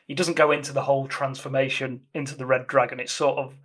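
A man talks through a film's story in a loose, rambling way. He stops to correct himself often and keeps adding details as he goes. His voice sits at an ordinary middle pitch. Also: flat delivery, fast talker, a bit bright. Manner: rambling, self-correcting, explanatory. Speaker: podcast co-host discussing a film. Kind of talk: casual film discussion.

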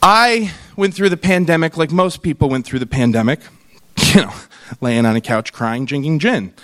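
Animated high-voiced man giving a keynote. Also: normal speed. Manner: animated storytelling, acts out quoted voices. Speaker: conference keynote speaker. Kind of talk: humorous keynote speech.

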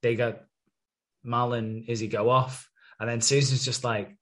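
A man's voice: medium pitch, flat delivery, measured pace, fairly bright tone. Sweary man recapping a soap. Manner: sweary, acts out characters' lines in retelling. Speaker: podcast co-host. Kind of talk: casual chat, recapping a soap episode.

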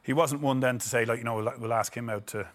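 A middle-aged former footballer from Ireland speaks quickly, his mid-range voice fairly even in intonation. In a casual storytelling interview he rambles, repeating words as he acts out quotes.

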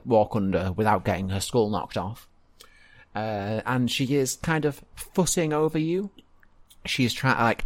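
Man rambling as game master. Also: mid-range voice. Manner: relaxed, rambling narration with fillers. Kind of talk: narrating a tabletop game.

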